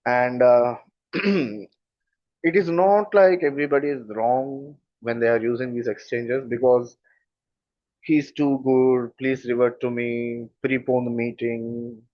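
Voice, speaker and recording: A man's voice: mid-range voice, dry recording. A man from India with a Telugu-influenced Indian English accent, teaching an online communication lesson and explaining step by step with rhetorical questions. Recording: dull, dry lo-fi recording.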